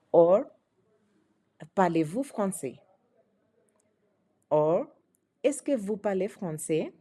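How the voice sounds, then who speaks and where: Slow, low-voiced woman teaching phrases. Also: dark tone. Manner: slow, patient explaining with repeated examples. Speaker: French teacher.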